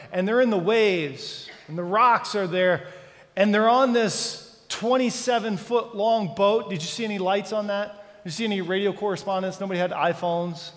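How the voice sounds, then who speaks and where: Pastor guy preaching, high voice, dramatic, lots of questions, echoey church. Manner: dramatic, asks the congregation many questions. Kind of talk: sermon. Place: church sanctuary. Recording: church hall reverb.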